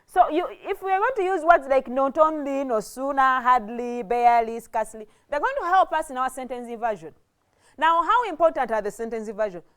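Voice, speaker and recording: A woman's voice: high-pitched, fairly bright tone. A woman teaches a lesson. She explains step by step, restarts her phrases and keeps checking in with her students. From Uganda. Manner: slow, repetitive explaining, with frequent restarts and "okay?" checks. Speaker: English teacher. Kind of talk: televised classroom lesson.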